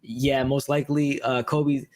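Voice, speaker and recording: A man's voice: medium pitch, little pitch movement, a little slow, a little mellow. A man hosting a casual wrestling talk show, speaking bluntly with lots of swearing and reading out viewer comments. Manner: profane, blunt and laid-back, reads viewer comments. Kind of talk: casual podcast chat.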